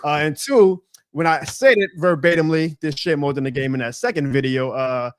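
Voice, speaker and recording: Animated man with a thick New Orleans accent. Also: moderate pace, clear, resonant tone, dry recording, clean studio sound. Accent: New Orleans Southern. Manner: animated storyteller, lively pitch jumps. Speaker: podcast guest. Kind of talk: casual chat on a video call.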